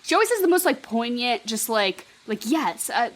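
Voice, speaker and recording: A woman's voice: on the high side, very animated, brisk. A young woman co-hosting a podcast, chatting casually and animatedly, swearing often and acting out quotes. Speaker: podcast co-host. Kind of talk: casual chat.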